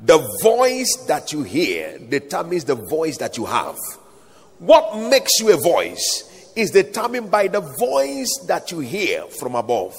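A man's voice: a little high, huge pitch swings, slow pace, slightly rough. A man preaching a sermon, reciting scripture and calling the congregation to answer back. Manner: dramatic, call-and-response preaching with scripture recitation. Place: large hall or outdoor gathering. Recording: echoey hall reverb.

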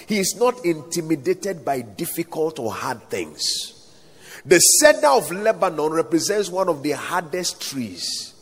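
A slightly rough, sing-song male voice on the high side moves a little slowly through a dramatic sermon. He recites scripture and invites the congregation to call back, and the echoey hall reverb places him in a big hall or outdoor gathering.

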